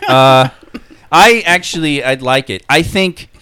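Slow, bright-voiced, giggly man. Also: mid-range voice, clean tone, dry recording. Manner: giggly, halting, with many fillers. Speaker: podcast co-host. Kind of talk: casual chat.

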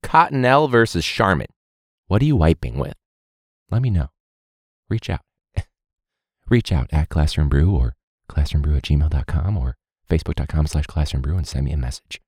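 A man's voice: extremely low pitch, normal speed, long pauses, breathy edge, no echo, studio quality. A man hosting a casual podcast, ranting sarcastically with swearing and laughter as he talks about teaching. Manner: animated, swearing, sarcastic, laughing mid-sentence.

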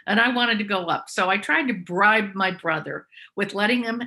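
Bright-voiced woman telling personal stories. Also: medium pitch, normal speed. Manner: candid, self-reflective. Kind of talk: personal storytelling.

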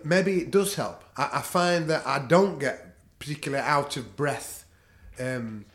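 A middle-aged jiu-jitsu practitioner with a Northern English accent speaks as a podcast guest in a medium-pitched, slightly bright voice. He chats casually and bluntly, swearing freely and laughing at his own stories, in an echoey room.

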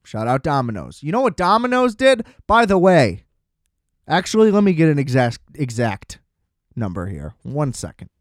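A man's voice: a little high, big pitch swings, moderate pace, dry recording, studio quality. A man hosting a podcast, ranting in a casual, exasperated and profane way. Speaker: podcast host. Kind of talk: casual solo podcast rant.

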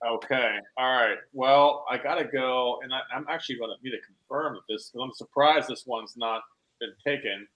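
A man's voice: medium pitch, moderate pace, fairly bright tone, poor audio. Male panelist who talks his picks through aloud and checks himself as he goes. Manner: thinks aloud, second-guessing himself. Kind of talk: casual podcast chat.

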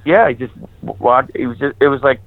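A male priest telling his personal testimony, candid and animated, acting out the dialogue he remembers. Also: mid-range voice, fairly quick, slight background noise. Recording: tinny phone-like sound.

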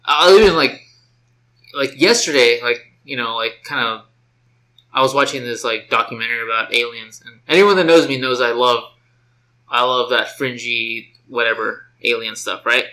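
Casting note: man, bright and sharp tone, relaxed rambler full of "um" and "like". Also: medium pitch, moderate pace, poor audio. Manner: rambling, filler-heavy, relaxed. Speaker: podcast co-host. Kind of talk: casual chat. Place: sister's house.

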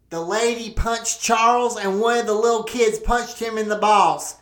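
A woman's voice: a little high, normal speed, few pauses. A woman hosting a podcast, telling a crude comic story full of swearing and rambling asides. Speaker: podcast host. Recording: roomy echo.

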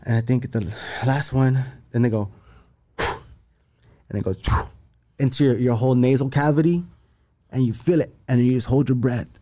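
A man's voice: medium pitch, fairly even intonation, brisk, dark tone. A young man telling a long story in casual chat, rambling and profane, with many restarts. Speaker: podcast guest.

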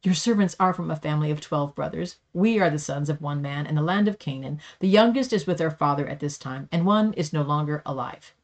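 A woman's voice: sits low, brisk, hardly any pauses, lo-fi sound. A woman reading the lines of anxious brothers pleading their innocence. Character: frightened group of brothers pleading.

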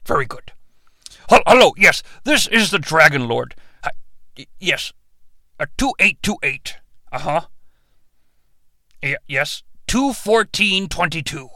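A man voicing a pompous male dragon god who speaks low and hushed, like a fussy caller on hold. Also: animated, measured pace, long pauses, no echo, clean studio sound, exaggerated voice. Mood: solemn, fussy.

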